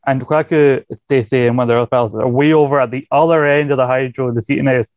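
A man's voice: mid-range voice, steady tone, fast, darkish tone, no room sound. A man co-hosting a casual chat, rambling through anecdotes. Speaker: podcast co-host. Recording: slightly dull lo-fi sound.

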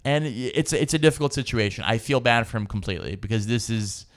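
A man hosting a casual podcast chat, lively and jokey, laughing often. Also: mid-range voice, brisk, no echo, clean studio sound. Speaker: podcast host.

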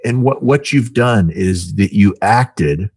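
A man hosting an interview who speaks in a halting, reflective way with many restarts. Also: fairly low pitch, expressive, darkish tone, husky, no room sound, studio quality. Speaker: host. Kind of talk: conversational interview.

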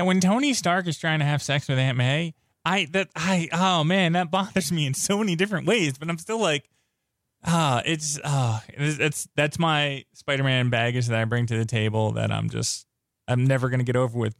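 A man co-hosting a casual film review podcast, talking with eager, rambling enthusiasm and frequent restarts. His voice sits at an ordinary pitch and sounds close and dry, with no room around it. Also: normal speed, no room sound. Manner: excitable, rambling fan talk with restarts. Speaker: podcast co-host. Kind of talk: casual movie review chat.

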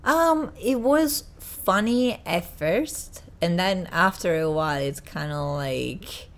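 A young Italian woman, a podcast guest who isn't a native English speaker, chats casually in a lowish voice with lively intonation, taking it slowly. She often pauses to find words and restarts a lot.

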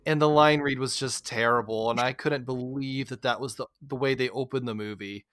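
A man hosting a casual movie discussion, chatty and quick to laugh, often saying "like". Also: mid-range voice, fairly even intonation, fairly bright tone, dry recording, studio quality. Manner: chatty, uses "like" a lot, laughs easily. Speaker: podcast host.

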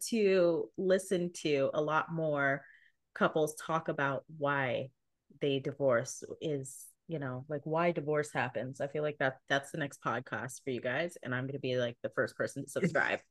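A woman hosting a podcast, her voice set a little low. She talks in a relaxed, thoughtful, easygoing way. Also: normal speed, no room sound, clean studio sound. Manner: relaxed, reflective, conversational. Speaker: podcast host. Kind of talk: casual conversation.

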